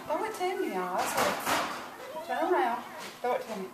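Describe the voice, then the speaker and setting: A woman's voice: sits high, sing-song, brisk, very noisy. A woman in a home video, coaxing and playfully baby-talking to her pet bird as she tries to get it to play catch. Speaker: pet owner. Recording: roomy, distant home video with loud music.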